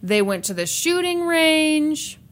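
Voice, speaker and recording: A woman's voice: high voice, very animated, takes it slowly. A woman hosting a podcast, casually telling a true crime story, laughing often and swearing now and then.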